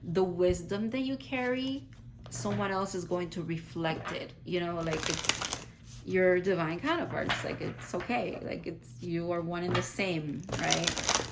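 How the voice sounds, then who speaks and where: A woman's voice: on the low side, steady tone, measured pace, heavy background noise. A woman giving a casual, rambling tarot reading to her viewers, full of "like" fillers and effusive reassurance. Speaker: tarot reader.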